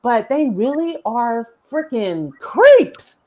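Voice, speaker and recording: Laughing, animated woman telling stories. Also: fairly high pitch, takes it slowly, highs cut off. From United States. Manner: animated, laughs often, mimics herself in quotes. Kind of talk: casual storytelling chat.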